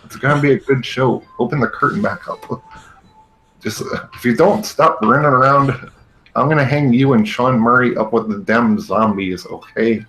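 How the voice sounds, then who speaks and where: A man's voice: medium pitch, moderate pace, fairly bright tone, slight background noise, low-quality recording. A man hosting a comedy show, ranting with sarcastic exasperation and laughing often. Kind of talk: comedic rant, parody commentary.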